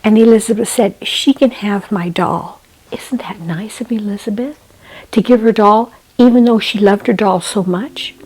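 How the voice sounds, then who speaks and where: A woman tells a children's story slowly, gently and expressively, often sinking into a hushed whisper and turning to the listener with asides. Her husky voice is mid-range, and the recording quality is low.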